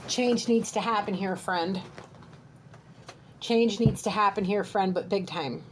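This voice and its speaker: A woman's voice: medium pitch, measured pace, slight background noise, poor audio. A woman reading a channeled spiritual message straight to her viewer, earnest and direct, often checking in with "okay?". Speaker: psychic reader. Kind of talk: channeled tarot-style reading to camera.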